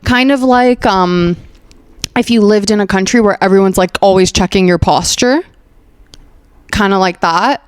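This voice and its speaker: A woman's voice: mid-range voice, dry recording. Chatty young woman, dry close sound. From Afghanistan. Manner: chatty, sarcastic, laughs often, many "like" fillers. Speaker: podcast host. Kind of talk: comedic podcast chat. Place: home.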